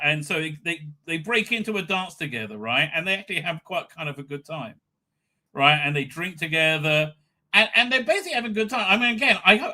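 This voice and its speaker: A man's voice: a little high, sharp tone. A man hosting a live stream, casually recapping an episode in a rambling way, with many stammered restarts and a habit of tagging sentences with "right?".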